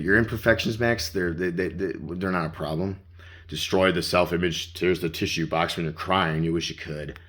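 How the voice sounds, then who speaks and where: A man's voice: deep voice, steady tone, moderate pace, fairly bright tone. A man vlogging as he walks around his home, rambling and swearing as he talks to himself in the second person. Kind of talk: rambling self-talk vlog. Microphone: handheld phone.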